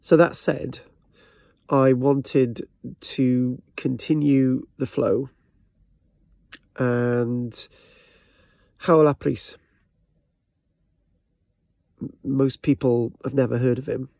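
A man with a soft South Welsh accent from Barry, talking to his channel in a hesitant way, with many fillers and restarts. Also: mid-range voice, little pitch movement, drawn-out words, creaky, pauses often, no room sound. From Wales. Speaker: channel host, local historian. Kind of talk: casual talk to camera.

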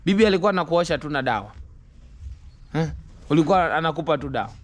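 A man's voice: on the high side, lively intonation, very fast. A man talking casually to camera in broken English and coaxing his young children, in a home family vlog. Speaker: vlogger.

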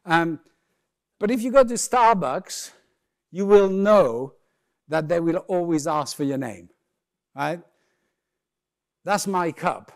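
A man giving a humorous keynote talk on stage, telling lively stories and acting out the voices of the people in them. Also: a little high, slow pace, pauses often. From lives in London. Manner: lively storyteller, acts out quoted voices. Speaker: keynote speaker. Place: conference stage before a live audience.

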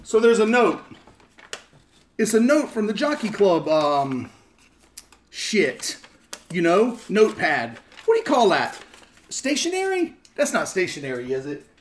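A man's voice: high-pitched, wildly swooping pitch, a little slow, pauses often, a little hiss or hum. A man chatting casually and profanely on a live stream, joking and rambling as he opens fan mail at home. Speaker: vlogger opening fan mail. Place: home in Las Vegas.

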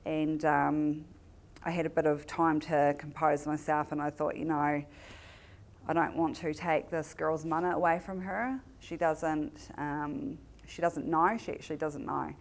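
A woman with a New Zealand accent giving a talk at a community event, telling a personal story with lively acted-out dialogue. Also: low voice, a little slow. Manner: lively storyteller who acts out remembered dialogue.

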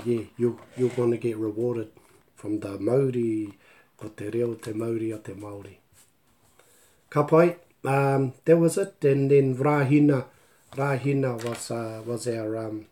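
A te reo Māori tutor with a New Zealand accent teaches a casual live online lesson from home over a video stream, using his laptop microphone. His medium-pitched, mellow voice is chatty and full of stories, with Māori words mixed in.

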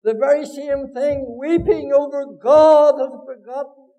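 High-pitched Northern Irish preacher. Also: male voice, steady tone, unhurried, rough recording. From Northern Ireland. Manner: impassioned preaching, swings between loud cries and hushed low lines. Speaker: pastor. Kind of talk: sermon. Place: church meeting hall.

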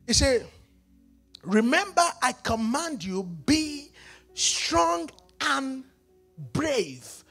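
A male pastor with a Nigerian accent preaching a sermon in a church, moving between hushed passages and shouted, sing-song calls to the congregation. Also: very high voice, very animated, drawn-out words, creaky, pauses often.

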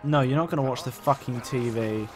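A young man casually commentating his gameplay, swearing a lot, getting excited and reading game options aloud. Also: mid-range voice, brisk, music in the background. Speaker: let's play host.

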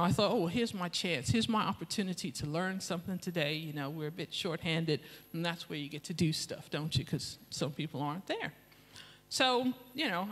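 A guest preacher with an English accent shares a confessional personal story in a sermon, bringing it to life by acting out the quotes. She has a lowish voice, and the church hall gives it a big-room sound.

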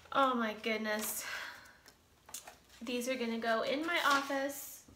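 Bright, high-voiced gushing woman vlogger. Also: roomy sound, a little hiss or hum. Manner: gushing and emotional, near tears. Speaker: vlogger opening fan mail. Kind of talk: casual chat.

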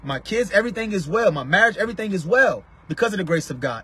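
A man's voice: high-pitched, lively intonation, quick pace, few pauses, sharp tone, slightly rough, dry recording. A man preaching to his online viewers from inside a car, emphatic and calling out to them by name. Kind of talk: casual live-stream preaching.

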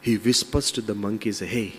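Brief: male monk giving a motivational talk, storytelling with moral asides, mid-pitched, long hall echo. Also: lively intonation, measured pace, a little hiss or hum. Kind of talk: motivational talk with a told fable.

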